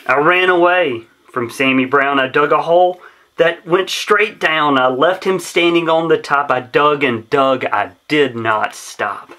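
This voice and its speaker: A man's voice: a little high, measured pace, sharp tone. A man reading a rhyming children's story aloud in a rhythmic, sing-song way. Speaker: storybook reader.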